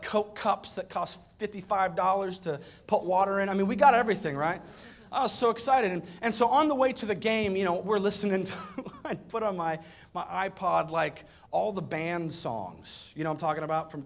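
A man in his thirties preaching a sermon, telling a funny family story and acting out the dialogue with growing excitement. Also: on the high side. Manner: animated storyteller, acts out dialogue with rising excitement. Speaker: pastor. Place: church auditorium with a live audience.

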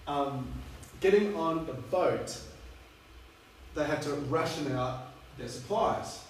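A man's voice: a little high, takes it slowly. A man preaching a sermon, telling a story in a chatty, rambling way with lots of fillers. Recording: echoey hall, distant mic, faint hum.

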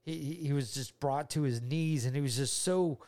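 Rambling dad telling a story. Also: male voice, mid-range voice, fairly quick. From Georgia, USA. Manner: animated, rambling, repeats words, voices the people in his story. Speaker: father telling a story to his child. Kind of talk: casual family storytelling.

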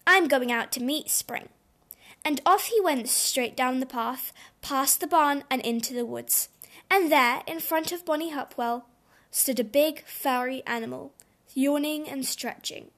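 A woman reading a children's storybook aloud in a gentle, expressive way. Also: sits high, measured pace.

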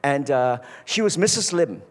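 A man preaching a sermon, telling stories and dropping low and soft on his key points. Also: lively intonation, moderate pace. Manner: storytelling, emphatic, drops low for key points. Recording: echoey hall.

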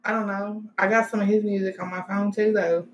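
A woman's voice: mid-range voice, level tone, fairly quick. A young woman answering trivia in casual chat, joking and playful. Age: young adult. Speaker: guest. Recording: echoey room with faint ambience.

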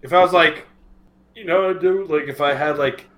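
A man co-hosting a podcast with a slightly high voice. He chimes in with profane jokes and sarcasm in loose, casual chat. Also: brisk, fairly bright tone. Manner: profane, joking, chiming in. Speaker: podcast co-host.

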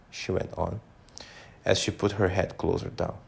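A man's voice: deep voice, little pitch movement, normal speed, creaky. A man reading a children's story aloud in a casual way, with slips and small asides.

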